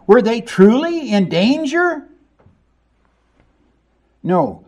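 A man preaching a sermon as pastor, moving between hushed and emphatic lines and asking the congregation rhetorical questions. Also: extremely high pitch, big pitch swings, slow, pauses often.

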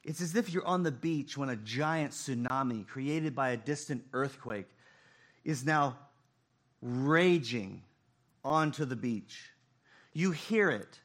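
Slow, dramatic male preacher. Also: mid-range voice, animated. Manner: slow, dramatic, swings between loud emphasis and hushed tones. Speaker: pastor. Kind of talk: sermon.

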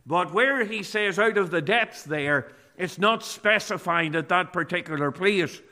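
Male preacher, unhurried sermon delivery, higher-pitched voice. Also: bright, forceful tone. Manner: slow, deliberate preaching with read-aloud scripture.

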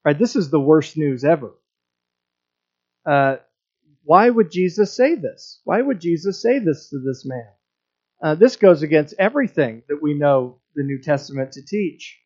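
A man's voice: on the high side, animated, a little slow, darkish tone, highs cut off. A man preaching a sermon, earnest, often repeating words and restarting his phrases. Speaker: pastor.

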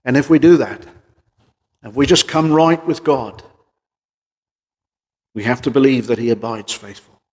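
A man preaching a sermon in an earnest voice, pressing his points with rhetorical questions and swinging between loud emphasis and quieter passages. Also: mid-range voice, a little slow, long pauses, in a large hall.

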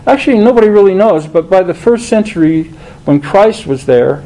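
Lively, emphatic male preacher. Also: sits high, normal speed, poor audio. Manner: conversational and emphatic, with rhetorical questions. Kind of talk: sermon.

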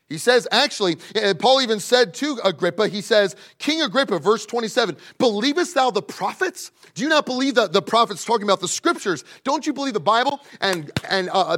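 A man preaching a sermon to young people, emphatic, swinging between loud pleading and hushed asides. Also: high voice. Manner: speaks directly to young people in the congregation.

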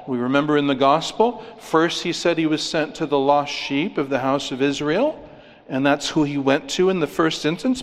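Emphatic man preaching in a reverberant hall. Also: a little high. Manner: emphatic, rhetorical questions, repeats for stress. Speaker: pastor. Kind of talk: sermon. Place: church sanctuary. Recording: long reverb of a church hall.

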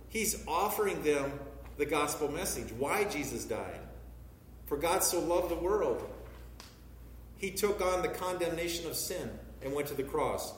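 A man preaching a sermon, reading scripture aloud with measured emphasis. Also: on the high side, slight background noise. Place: church sanctuary. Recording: echoey church hall from far off.

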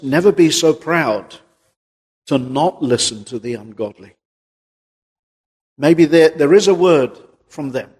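Male preacher, sermon, slightly high, husky, earnest emphasis, slow scripture reading. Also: darkish tone. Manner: earnest, rising emphasis on key words; reads scripture slowly in a raised voice. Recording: long hall reverb.

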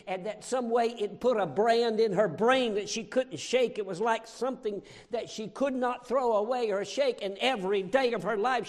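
A man preaching a sermon, impassioned and repetitive, swinging from loud outbursts to hushed storytelling. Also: sits high. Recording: long hall reverb.

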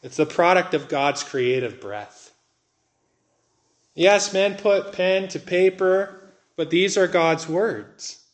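A man preaching a sermon as a pastor, earnest and slowing down to stress key words. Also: sits high.

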